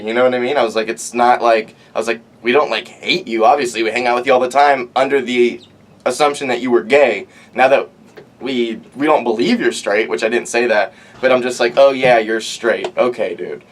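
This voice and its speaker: A man's voice: mid-range voice, a little fast. A young man hosting a casual storytelling monologue outdoors, rambling and profane, full of "like" and acted-out quotes. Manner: rambling, profane, animated, lots of "like". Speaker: podcast host.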